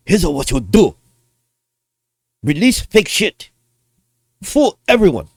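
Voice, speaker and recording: A man's voice: fairly high pitch, huge pitch swings, takes it slowly, vocal fry, husky, no room sound, clean studio sound, exaggerated voice. A man voicing a scheming Japanese company boss in a mock Japanese accent, giving clipped, conspiratorial orders.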